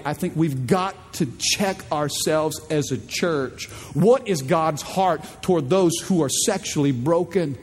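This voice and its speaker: Animated preacher in an echoing hall. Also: male voice, husky. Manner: animated, acts out quoted voices in high pitch. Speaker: pastor. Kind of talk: sermon.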